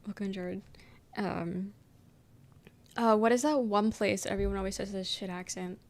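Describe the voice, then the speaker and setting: A woman's voice: medium pitch, fairly even intonation, moderate pace, darkish tone. Young woman streamer just yapping w chat, lots of ums and likes, swears casually. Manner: rambling, filler-heavy, swears casually, frequent "um". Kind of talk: casual chat reading viewer messages.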